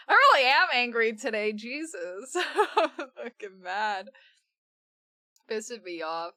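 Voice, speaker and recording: A woman's voice: a little high, very animated, slow, pushed and bright, no room sound, clean studio sound. A woman streamer reacting in casual live-stream commentary, swearing a lot and breaking into laughter.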